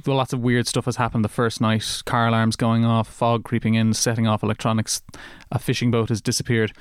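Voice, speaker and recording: A man's voice: mid-range voice, monotone, fairly quick, clear, resonant tone, no echo, studio quality. A man co-hosting a podcast, talking casually about films in a rambling way with many restarts. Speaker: podcast co-host. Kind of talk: casual film discussion.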